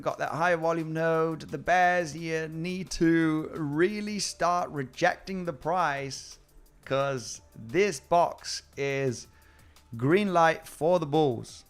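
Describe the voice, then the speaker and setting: A man's voice: fairly high pitch, clean tone. A man hosting a casual live stream about crypto trading, chatting with viewers and often repeating his words.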